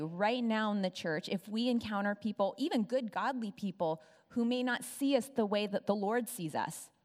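A woman's voice: mid-range voice, a little mellow. A woman preaching a sermon, laying out points and teaching through scripture. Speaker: pastor. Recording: reverberant church hall.

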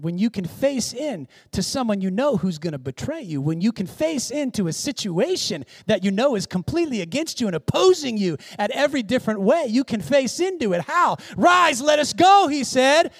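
A male pastor delivers a sermon in a notably high voice. He moves between hushed, intimate passages and loud, emphatic exclamations. The recording is dry and close, with little room sound. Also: sing-song, a little fast, hardly any pauses, husky, no echo. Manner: dynamic preaching, swinging from hushed to loud exclamations. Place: church in Seattle.

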